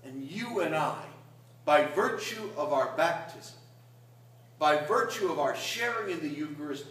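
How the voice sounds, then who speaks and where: A man's voice: a little high, animated, a little slow, fairly bright tone. A man, a priest, preaching a sermon in a conversational storytelling way that rises to emphatic peaks. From Catskill Mountains, New York. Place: large church. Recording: echoey church from far off.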